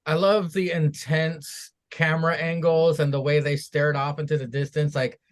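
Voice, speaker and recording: A man's voice: on the high side, little pitch movement, moderate pace. A man co-hosting a wrestling podcast, recapping the events and cursing as he jokes about them. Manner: recaps events, then swears and laughs at them. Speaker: podcast co-host. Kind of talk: reading and joking through a wrestling recap.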